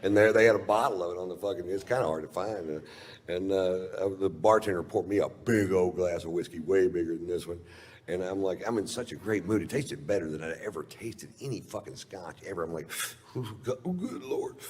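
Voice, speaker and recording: Deep-voiced profane comedian. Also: male voice, a little fast, darkish tone. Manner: drawling, profane, dry storytelling. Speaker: stand-up comedian. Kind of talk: stand-up storytelling. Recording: live stage recording with long hall reverb. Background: faint audience laughter.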